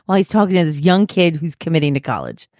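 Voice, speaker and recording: A woman's voice: low-pitched, big pitch swings, quick pace, darkish tone, no echo, clean studio sound. A woman co-hosting a podcast in casual chat, teasing and laughing often. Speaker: podcast co-host.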